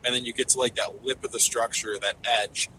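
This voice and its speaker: A man's voice: medium pitch, steady tone, fairly quick, sharp tone, slight background noise, rough recording. A man, a fishing guide, talking in a casual podcast interview, enthusiastic and rambling with lots of fillers and restarts.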